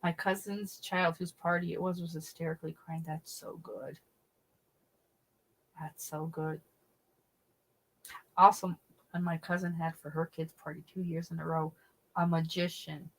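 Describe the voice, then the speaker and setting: Over poor audio, a middle-aged livestream host with a lowish voice talks fairly quickly, reading chat and sharing a funny story. She's animated, cursing and breaking into laughter mid-sentence.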